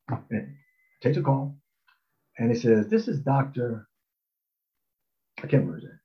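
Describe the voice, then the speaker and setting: A man's voice: mid-range voice, moderate pace, pauses often, highs cut off. An older man casually telling a personal anecdote, rambling with fillers and acting out quotes. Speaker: storyteller recalling his college recruitment.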